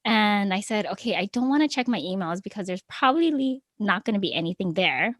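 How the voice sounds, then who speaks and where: A woman guest on a podcast interview, telling her story in a lively, casual way. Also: mid-range voice, a little fast, dry recording, clean studio sound. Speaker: guest, small business owner.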